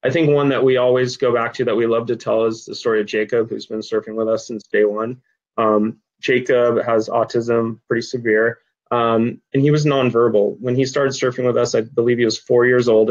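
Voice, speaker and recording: A man's voice: medium pitch, flat delivery, a little fast. Earnest middle-aged man, dull lo-fi sound. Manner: earnest storyteller, frequent ums, gets choked up. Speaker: nonprofit director, guest. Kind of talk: interview conversation.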